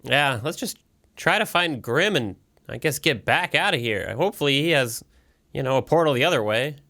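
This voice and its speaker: A man's voice: medium pitch, animated, normal speed, bright, forceful tone. A man playing a tabletop game in an easygoing chat, often laughing. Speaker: player.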